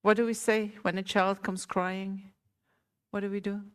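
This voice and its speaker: A woman teacher giving a Buddhist talk to a small group, gentle and unhurried, often asking her listeners questions. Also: medium pitch, little pitch movement, smooth. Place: meditation center hall.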